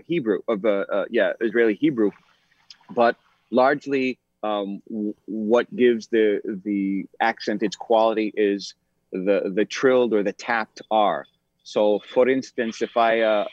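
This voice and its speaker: Male actor guest, mid-pitched, halting and thoughtful, dry slightly muffled studio sound. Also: dry recording. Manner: thoughtful, hesitant, many fillers. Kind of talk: conversational interview.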